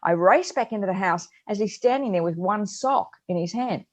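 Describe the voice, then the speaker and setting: A middle-aged woman, co-hosting a parenting advice chat and telling stories in an animated way. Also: mid-range voice, normal speed. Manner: animated storyteller, acts out her own yelling. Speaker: co-host.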